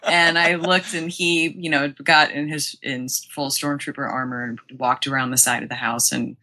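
A woman with a low-pitched but bright, forceful voice tells a story as an interview guest. She rambles animatedly, restarting sentences often and acting out what people said. It sounds like relaxed, casual storytelling. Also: moderate pace. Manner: animated, rambling with many restarts and acted-out quotes.

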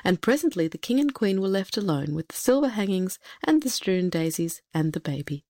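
A woman's voice: mid-range voice, fairly quick, no room sound, clean studio sound. Woman reading a fairy tale aloud. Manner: steady, expressive read-aloud. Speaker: narrator. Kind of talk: storybook narration.

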